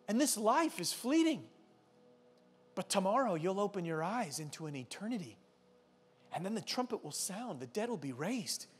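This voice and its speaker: A man in his thirties preaching a sermon as a pastor, urging his listeners with animated, earnest exhortation. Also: high-pitched, breathy edge. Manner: animated storytelling, urgent exhortation.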